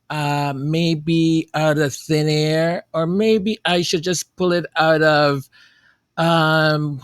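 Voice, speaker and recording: A male commentary host reacting sarcastically to news clips, mocking and drawn-out, often laughing. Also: fairly high pitch, dry recording, studio quality.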